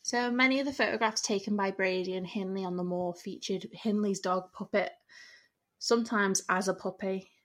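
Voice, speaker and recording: A woman's voice: medium pitch, fairly even intonation, normal speed, fairly bright tone. A young woman, co-hosting a casual true-crime podcast, reading case notes and stopping to laugh and swear. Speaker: podcast co-host.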